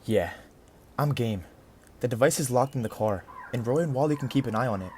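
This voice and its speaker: A devoted young husband and narrator, voiced by a man, with a medium-pitched voice and an earnest, reflective delivery. Faint background noise sits under his voice in this audio drama. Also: brisk, a little mellow, close to an everyday voice. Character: devoted young husband missing his far-away wife. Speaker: narrator and lead character.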